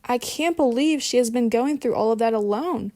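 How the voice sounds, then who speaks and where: A woman reading the part of a caring, concerned female friend with a soft, sympathetic delivery. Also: fairly high pitch, moderate pace, dry recording, clean studio sound, close to an everyday voice.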